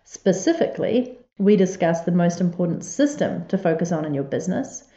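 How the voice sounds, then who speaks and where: A woman's voice: medium pitch, mellow, echoey room, highs cut off. Upbeat New woman hosting podcast. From New Zealand. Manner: upbeat and emphatic, stretches key words. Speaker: podcast host. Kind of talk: scripted podcast intro.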